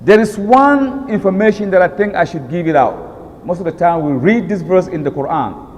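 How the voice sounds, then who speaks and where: A man giving a religious lecture as a preacher, animated and repeating words for emphasis. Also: high voice, normal speed. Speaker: Islamic preacher. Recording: long hall reverb.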